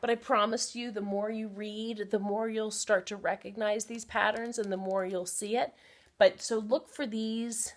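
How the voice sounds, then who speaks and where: A woman teacher giving a recorded phonics lesson to children, patiently sounding out words and encouraging them. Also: medium pitch.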